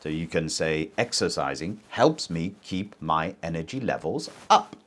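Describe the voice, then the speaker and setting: Slow, very animated male English teacher. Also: low-pitched. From English-speaking country. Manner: very lively teacher intonation, slow deliberate pacing; models sentences for the learner to repeat. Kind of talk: IELTS pronunciation lesson.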